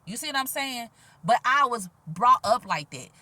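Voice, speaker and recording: Bright, sassy soft-spoken woman. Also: on the high side, moderate pace. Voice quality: quiet, gentle voice. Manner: animated, sassy, laughs often, soft-spoken. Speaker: vlogger. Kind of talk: casual spiritual vlog monologue. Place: outdoors.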